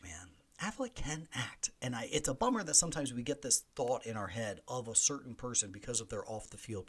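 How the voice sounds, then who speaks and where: Chatty, animated male podcast host. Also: mid-range voice, breathy edge. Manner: animated, chatty, mock voices in quotes. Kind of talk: solo movie review chat.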